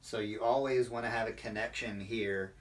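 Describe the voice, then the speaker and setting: A man's voice: lowish voice, steady tone, normal speed, recorded from a distance. A man, a percussion instructor, explaining drum technique in an online lesson with many fillers.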